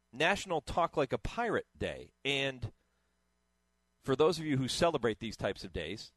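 A man hosts a morning radio talk show in a friendly, conversational manner. His voice sits at an ordinary pitch, recorded close and dry in a studio. He moves easily between facts and a light chuckle. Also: a bit bright, dry recording.

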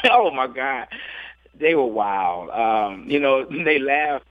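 A man's voice: medium pitch, slow pace, no echo. Laughing man on a tinny phone line. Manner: laughing, animated storyteller acting out quotes. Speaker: jockey guest. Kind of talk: storytelling interview.

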